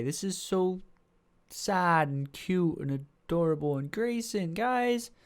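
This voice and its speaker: A man's voice: on the high side, animated, slow pace, clear, resonant tone. A man hosting a casual reaction video, chatting emotionally and speaking directly to his viewers. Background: music from the video he is watching.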